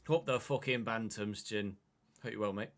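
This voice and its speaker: A young gaming livestreamer with a fairly low, expressive voice talks a little slowly while playing a football management game, swearing and answering his chat in casual live commentary. The recording is very noisy.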